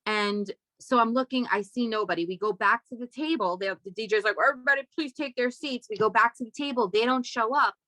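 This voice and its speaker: A young adult woman guest telling a wild story in casual podcast chat, animated and swearing freely, jumping up high and loud when she quotes people. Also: a little fast, few pauses, no room sound. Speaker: guest, comedy writer.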